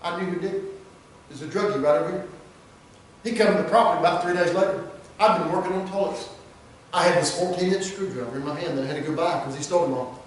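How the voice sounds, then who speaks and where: A man preaches with fervor, his high voice leaping up in loud cries and then dropping to hushed asides. He sounds distant from the mic, and a heavy church echo rings around every phrase. A faint hum of room noise sits underneath. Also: fast. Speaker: pastor. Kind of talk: sermon. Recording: echoey church room miked from far off.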